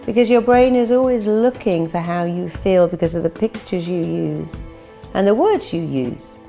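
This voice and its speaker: A middle-aged woman gives a motivational talk in a low, mellow voice. She brightens for the confident inner voices and drops low and gloomy for the negative ones. Soft music plays underneath. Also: normal speed, gravelly. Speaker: motivational speaker.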